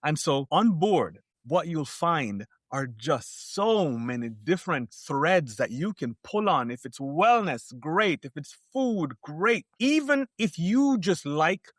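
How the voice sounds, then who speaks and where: Animated man on a podcast, dry sound. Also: on the high side, slow pace, hardly any pauses, no room sound. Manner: animated, emphatic storyteller. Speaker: cruise line guest. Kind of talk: podcast interview.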